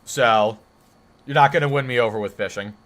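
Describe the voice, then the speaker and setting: A man from the northeastern United States chats casually on a live stream. His voice is bright and forward, and he rambles and corrects himself as he reacts to chat messages. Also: medium pitch, moderate pace.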